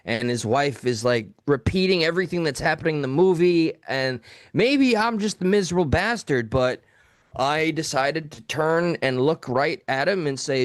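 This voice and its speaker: A man's voice: fairly high pitch, moderate pace, no room sound, clean studio sound. Blunt, profane male talk show host. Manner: profane, blunt, animated storytelling. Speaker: podcast co-host. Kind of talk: casual live talk show storytelling.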